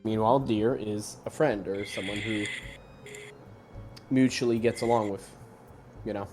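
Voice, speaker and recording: A man's voice: on the low side, steady tone, unhurried, darkish tone, soft background music. A man playing in a tabletop game who explains his character's slang at length in casual chat. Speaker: player.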